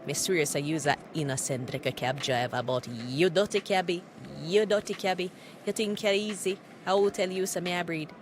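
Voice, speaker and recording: An actor voicing a sharp-tongued young Jamaican woman who snaps heated taunts at her cab driver in an animated cartoon. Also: fairly low pitch, normal speed, background noise, lightly acted. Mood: accusing. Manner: scolding, heated patois taunts.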